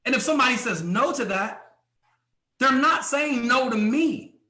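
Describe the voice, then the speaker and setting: A man giving a motivational sales training talk at a live event. He speaks emphatically, asks many rhetorical questions and often clears his throat. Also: very high voice, expressive, moderate pace, sharp tone, reverberant.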